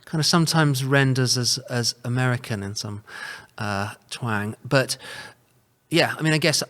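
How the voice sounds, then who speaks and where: A man's voice: medium pitch, unhurried, a bit bright. A man from South Africa with an English accent carrying a South African trace, talking as a guest in a wordy, hedging way with lots of "sort of" and "kind of". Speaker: podcast guest. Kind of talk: casual conversation.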